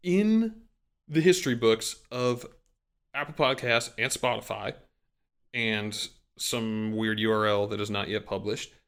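A man's voice: on the low side, a little slow, fairly bright tone, clean tone. A man co-hosting a casual sports podcast, talking in a rambling, self-deprecating way with many fillers. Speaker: podcast co-host. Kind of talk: casual chat.

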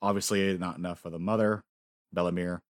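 Animated man recapping a show, dry sound. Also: low voice, brisk, no room sound. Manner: excited, swears freely, acts out quotes. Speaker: podcast co-host. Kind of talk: casual anime recap chat.

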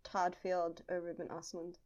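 A woman's voice: lowish voice, normal speed, lo-fi sound. Laughing woman chatting about films. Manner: animated, laughing, uses "like" often. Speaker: podcast co-host. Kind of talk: casual film chat.

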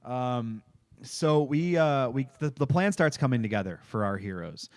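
A man's voice: mid-range voice, expressive, moderate pace, darkish tone, no echo. Laid-back man, dry close sound. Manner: joking, laughs often, crude humor. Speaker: podcast co-host recapping a TV episode. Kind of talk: casual profane chat.

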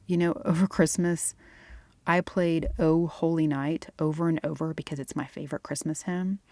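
A woman's voice: low voice, darkish tone, dry recording. A woman hosting a faith-based fitness podcast as a nutritionist, talking in an earnest, encouraging, chatty way.

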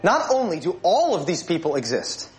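A man's voice: sits high, sing-song, moderate pace. Fed-up guy snapping at his coworker, sitcom clip, voice jumping around. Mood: exasperated. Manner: exasperated, incredulous. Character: exasperated male coworker, panicky. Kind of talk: TV sitcom scene.

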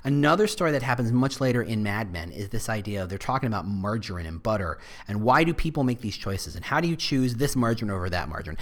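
A man talks through his ideas casually and with animation, his pitch bouncing up and down with each point, like a podcast host thinking aloud. His voice sits mid-range, he drops quick asides, and it plays as a conversational marketing explainer in a casual explanatory chat.

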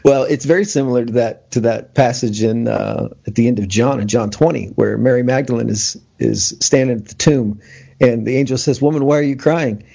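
A man's voice: medium pitch, steady tone, normal speed, gravelly, warm tone, breathy edge. A man hosting a casual interview, easygoing and laughing along with his guest. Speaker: host. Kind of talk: conversational interview. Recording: dull lo-fi recording.

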